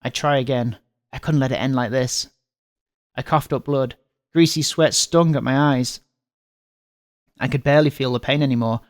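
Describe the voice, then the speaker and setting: A man in a dramatic read-along. He has a mid-range voice and reads the story lines with mock intensity. Between lines he drops into quiet, joking asides. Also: mid-range voice, fairly even intonation, moderate pace, pauses often, dry recording, clean studio sound. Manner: reads in dramatic voices, breaks off for muttered jokes. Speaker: streamer reading a visual novel aloud.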